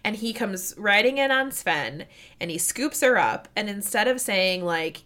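A woman in casual conversation who retells a story with energy, laughs often and acts out the characters' lines. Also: medium pitch. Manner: animated, quick to laugh, acts out quoted dialogue. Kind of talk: casual chat retelling a book scene.

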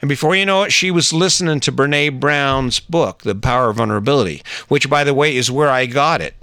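A man's voice: mid-range voice, fairly quick, sharp tone, clean tone, no room sound, clean studio sound. A middle-aged man telling a personal story and giving relationship advice in an earnest, conversational way, often restarting his sentences.

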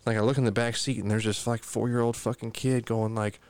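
A man's voice: medium pitch, little pitch movement, fairly quick, a little mellow, clear, resonant tone, no room sound. A young adult man telling a rambling, profane anecdote in casual chat.

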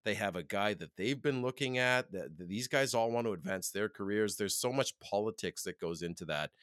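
A man from Canada co-hosting a casual football talk show. His delivery is excitable and animated, with frequent laughs and sudden jumps up in pitch. The sound is dry and close. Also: a little fast, dry recording. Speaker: podcast co-host. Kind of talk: casual sports chat.

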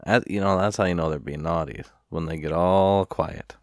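Low-voiced man, rambling profane vlog rant, dry close sound. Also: moderate pace, dry recording. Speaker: vlogger. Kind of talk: casual storytelling rant.

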